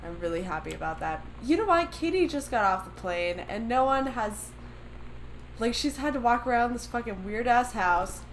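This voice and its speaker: A woman's voice: a little high, animated, moderate pace, slight background noise, low-quality recording. A woman doing let's play commentary on a story game, swearing a lot and ranting in exasperation. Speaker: gamer playing a story game.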